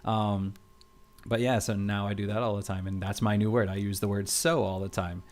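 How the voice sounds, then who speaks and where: Man, casual podcast co-host, relaxed rambling talk, headset mic, home studio. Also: fairly low pitch, normal speed. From United States. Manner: relaxed, rambling storytelling with many fillers. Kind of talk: casual chat.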